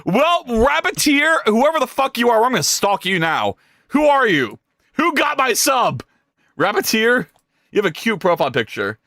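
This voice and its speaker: Guy livestreaming his game dev, pretty high bright voice, rambles and swears at his code, dry close sound. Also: huge pitch swings, moderate pace, dry recording. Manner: rambling, thinks aloud, swears, talks to chat. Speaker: streamer coding a game. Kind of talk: casual live-stream chat while coding.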